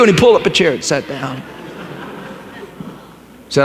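A male preacher delivers a storytelling sermon with dramatic emphasis. His voice sits a little high and swings widely in pitch. A long reverb rings around him as in a large hall. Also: lively intonation, brisk, pauses often.

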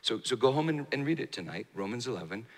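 A man preaching a sermon, telling a story with emphatic rises and hushed, slow passages. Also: lively intonation. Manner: storytelling, swinging from raised emphatic bursts to hushed, low, slow delivery. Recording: hall reverb.

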